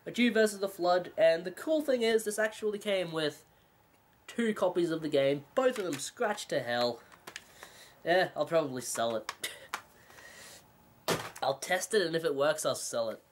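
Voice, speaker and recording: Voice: mid-range voice, lively intonation, unhurried, long pauses, a little hiss or hum. A video game collector talking through recent purchases in a casual, rambling vlog, full of sarcastic jokes and self-mocking asides. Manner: rambling, joking and sarcastic, with frequent laughs.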